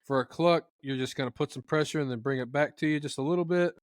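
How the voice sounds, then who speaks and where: Man, higher-pitched, animated, casual how-to, turkey imitations, dry room. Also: fast talker, dry recording. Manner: animated, acts out turkey sounds in funny voices. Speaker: turkey calling expert guest.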